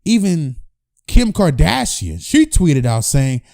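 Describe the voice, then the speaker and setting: A man hosting a casual celebrity news commentary channel, chatty and animated, talking straight to his viewers. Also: a little high, slow pace, gravelly, dry recording, studio quality. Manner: animated, chatty, addresses fans directly.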